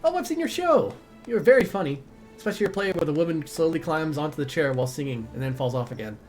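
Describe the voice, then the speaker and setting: A man voicing an excitable young woman who gushes eagerly. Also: fairly high pitch, fast talker, faint music behind. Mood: gushing. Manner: gushing, chatty.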